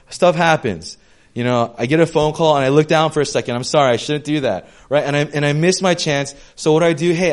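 Casual, animated young male preacher. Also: on the high side. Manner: conversational, animated, with casual slang and asides. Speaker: pastor. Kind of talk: sermon.

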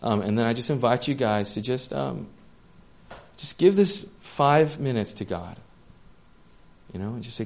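A man preaching a sermon in an earnest, gentle, casual way, with plenty of fillers. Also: medium pitch, animated, a little slow, vocal fry, long pauses.

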